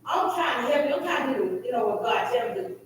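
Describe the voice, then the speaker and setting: A woman's voice: high-pitched, animated, fast. A woman giving an earnest personal testimony in a church class. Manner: earnest, preaching to an absent person. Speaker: class member. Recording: echoey hall, mic far off, faint noise.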